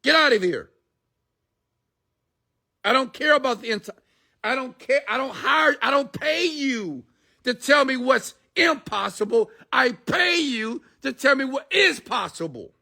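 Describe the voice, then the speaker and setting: A man putting on the voice of an intense, demanding tech boss who yells at his staff in a high, strained voice. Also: expressive, a little slow, vocal fry, exaggerated voice. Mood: furious.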